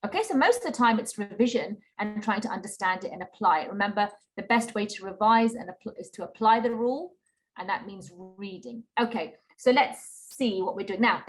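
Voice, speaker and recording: A woman's voice: medium pitch, animated, a little fast. A woman teaching an online Qur'an reading class, patient and repetitive, often checking in with "okay?". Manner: patient, repeats key points with frequent "okay?". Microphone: video call.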